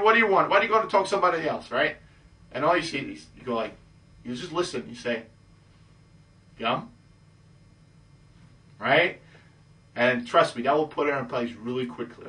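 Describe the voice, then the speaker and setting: A man coaching listeners on dating in a confident, matter-of-fact monologue, ending almost every point with a low "okay?". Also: pushed and bright, recorded from a distance. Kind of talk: instructional monologue.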